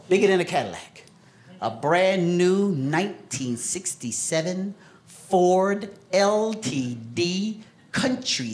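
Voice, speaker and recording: A man from New York City performing a stand-up comedy set, telling childhood stories with lots of put-on voices. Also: high voice. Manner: animated storytelling with put-on voices. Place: theater stage with laughing audience. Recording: roomy live venue with audience noise. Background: audience laughter.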